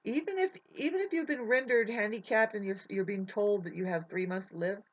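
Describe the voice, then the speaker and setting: A woman in a rambling spiritual monologue, emotional and swearing, drifting between soft musing and loud outbursts. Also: mid-range voice, brisk. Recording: dull lo-fi audio.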